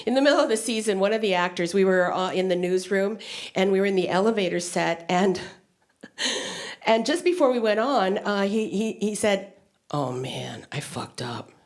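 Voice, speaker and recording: Animated woman doing stand-up. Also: normal speed. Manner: animated storytelling with wide pitch swings. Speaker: stand-up comedian. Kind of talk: stand-up comedy.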